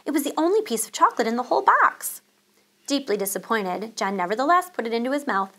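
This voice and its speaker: Woman teacher, bedtime story reading, calm expressive storytelling, slightly high voice. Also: fast talker. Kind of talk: reading a children's book aloud.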